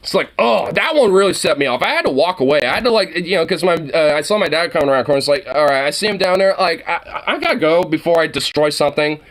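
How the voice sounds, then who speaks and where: A man with a fairly high voice rants to camera, worked up and cursing at every turn. His talk rambles, stacked with fillers and restarts as he vents. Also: lively intonation, fast talker, hardly any pauses, fairly bright tone. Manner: heated, profane, rambling with many fillers. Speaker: vlogger. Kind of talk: angry monologue venting to camera.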